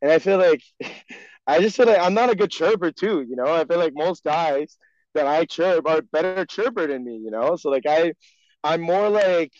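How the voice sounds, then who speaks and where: A man's voice: fairly high pitch, expressive, moderate pace, darkish tone, no echo. A young man whose first language is French, speaking English with a French Canadian accent, rambling in a casual podcast chat full of "like" and "you know". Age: young adult. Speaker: guest, pro hockey player. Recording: dry, dull lo-fi sound.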